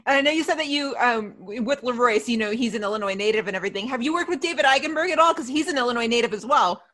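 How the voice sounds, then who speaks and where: A woman hosting an interview, asking questions in a relaxed way with fillers. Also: fairly high pitch, racing. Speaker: interviewer, podcast host. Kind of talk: casual interview conversation.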